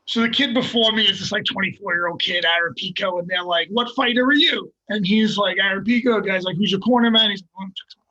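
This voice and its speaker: An older man, a fighter, telling a story in casual, profane, animated bursts and laughing along the way. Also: sits high, fast talker, lo-fi sound. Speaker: guest fighter.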